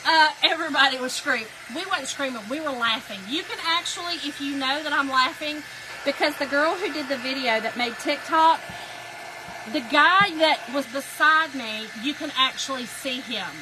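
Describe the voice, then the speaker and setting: While crafting on her livestream, a chatty woman tells a lively story and addresses her audience as "y'all." She speaks in a high-pitched voice at a moderate pace against a noisy background.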